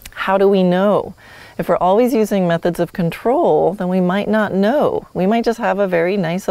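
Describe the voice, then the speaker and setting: A woman's voice: fairly low pitch, dark tone. A woman hosting a solo podcast, teaching horsemanship in a friendly, instructive way with light laughs.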